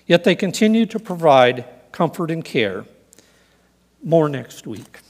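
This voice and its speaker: A man preaching a sermon in an earnest, measured way, reading scripture and telling stories. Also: fairly high pitch, very animated, in a large hall. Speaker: pastor.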